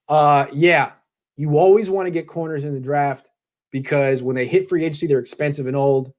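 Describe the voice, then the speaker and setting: A man hosting a casual live sports talk show, brisk, opinionated and jokey. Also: fairly high pitch, darkish tone.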